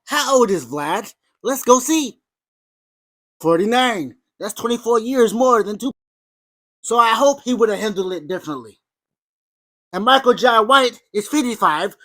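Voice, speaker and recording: Brief: woman commentary host, mid pitch, sarcastic and emphatic, dry close mic. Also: a bit bright, no room sound. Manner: sarcastic, emphatic, with dramatic outbursts. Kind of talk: opinionated commentary over clips.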